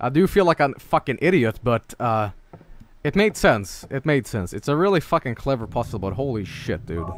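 A man streaming a horror game, reacting with excitable, profane commentary and frequent laughter. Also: mid-range voice, moderate pace.

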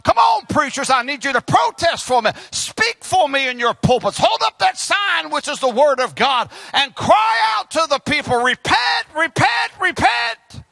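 A male pastor preaching an impassioned sermon, breaking into shouts. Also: extremely high pitch, big pitch swings, normal speed, vocal fry, few pauses, no echo. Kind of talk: fiery sermon.

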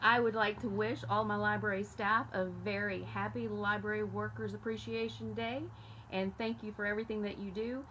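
A woman school media specialist reading a folk tale aloud to children with expressive delivery. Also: medium pitch, normal speed, slight background noise, low-quality recording. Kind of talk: storybook read-aloud.

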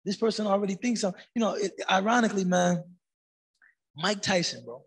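A man talking as a podcast guest in a relaxed way, with frequent affirmations and Arabic phrases. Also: high voice, a little fast, husky. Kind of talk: casual podcast conversation.

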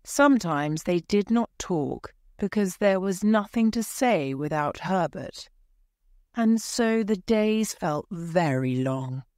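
Female storyteller; measured, clear reading at an unhurried pace, low register. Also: lively intonation, a little mellow, no room sound, clean studio sound. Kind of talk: scripted story narration for English learners.

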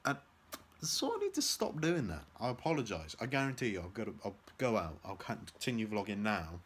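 Filming himself at arm's length with a handheld camera, a young man rambles through a casual home vlog, full of fillers and self-mockery, moving between indoors and outside. His voice is lowish and husky, slightly bright, brisk, and swings widely in pitch.

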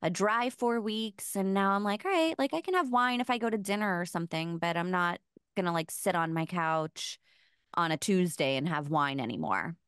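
A woman's voice: fairly low pitch, normal speed, clean tone, dry recording, clean studio sound. A middle-aged woman co-hosting a podcast, chatting casually, swearing freely and wired on caffeine. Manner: animated, swears freely, mimics voices. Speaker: podcast co-host. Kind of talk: casual chat.

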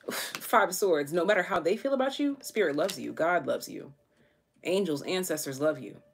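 A woman's voice: lowish voice, lively intonation, normal speed, creaky, slight background noise. A woman giving a casual, chatty tarot reading to her viewers, full of slang and fillers. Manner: chatty, slangy, thinks aloud with many fillers. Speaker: tarot reader.

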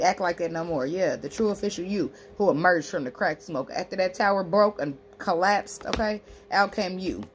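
Low-voiced, brash, profane woman. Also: noisy background. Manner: brash, profane and emphatic, talking straight to the viewer; animated, acting out imagined speech in a sassy tone. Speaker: tarot reader and spiritual healer. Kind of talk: tarot card reading.

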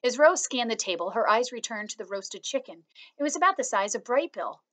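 A woman reading a children's novel aloud chapter by chapter, in a calm, steady storytelling manner. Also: a little high, fairly quick. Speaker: reader.

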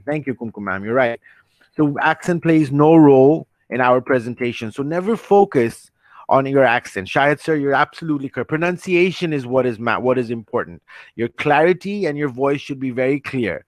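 This online training session is led by a man whose medium-pitched voice comes through a computer mic on a video call, recorded dry. He reassures earnestly, tends to restart his sentences, and reads viewers' chat questions aloud.

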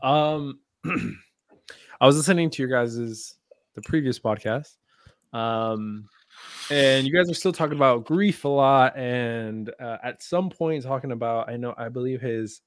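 A man's voice: medium pitch, a little slow, no echo. A man co-hosting a casual livestreamed podcast, thinking aloud in a loose, hesitant, profane way. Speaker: podcast co-host posing the question.

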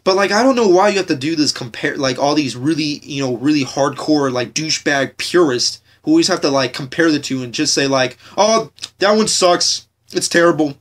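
A man's voice: on the high side, brisk, hardly any pauses. A young man from the United States hosting a podcast, ranting casually with lots of swearing, fillers and restarts. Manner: profane, repetitive, frequent fillers and restarts. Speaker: podcast host.

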